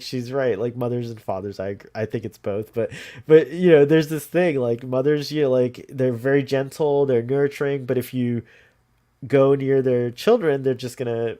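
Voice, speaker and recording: A man with a warm, medium-pitched voice co-hosts a podcast, keeping the chat casual and rambling, laughing readily and leaning heavily on "like."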